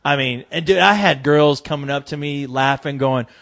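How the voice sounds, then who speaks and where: A man in casual podcast chat, spinning an animated, profane yarn with easy laughs. His voice sits slightly high. The recording sounds dull and lo-fi. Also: normal speed. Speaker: co-host.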